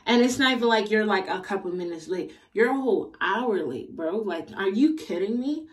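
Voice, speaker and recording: A young woman vlogger telling a casual storytime in an animated, slangy, exasperated way. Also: medium pitch, moderate pace, distant mic.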